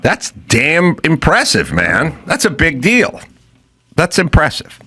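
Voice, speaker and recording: A man in his fifties or older from Los Angeles tells rambling stories in casual talk. His voice is bright and swings widely in pitch. He acts out the quotes loudly. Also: huge pitch swings, takes it slowly, slightly rough. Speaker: podcast host. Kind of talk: casual chat.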